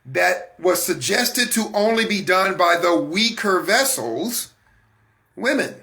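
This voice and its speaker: A man's voice: sits high, lively intonation, slow pace, vocal fry, bright, forceful tone. A man hosting a faith talk broadcast, speaking casually to his audience, with rhetorical questions and frequent restarts. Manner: repeats and restarts words. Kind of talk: casual spoken monologue.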